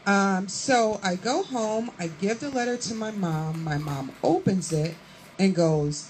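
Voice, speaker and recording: A woman comedian telling a profane stand-up story with lively acted-out quotes. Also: mid-range voice, a little slow, slight background noise, poor audio. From Chicago area, USA. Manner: profane, animated, acts out quotes.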